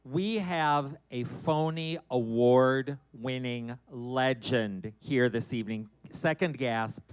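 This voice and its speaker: A man's voice: medium pitch, clean tone. A man hosting a cabaret show and introducing a guest with a grand, announcer-style build-up. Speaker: show host. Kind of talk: stage introduction. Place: cabaret club stage.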